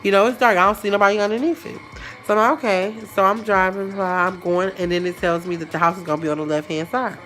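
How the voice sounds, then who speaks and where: A woman with a bright, forceful voice tells a storytime vlog in a loose, chatty way. She talks with plenty of slang and animation, and soft music sits underneath her voice. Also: mid-range voice, fairly even intonation, fast. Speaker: vlogger.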